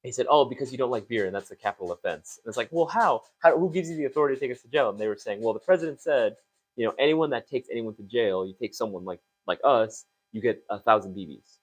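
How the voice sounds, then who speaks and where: Fast-talking young man telling stories. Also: mid-range voice. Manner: fast, animated storytelling with many fillers. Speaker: co-host of a store talk show. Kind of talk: casual chat.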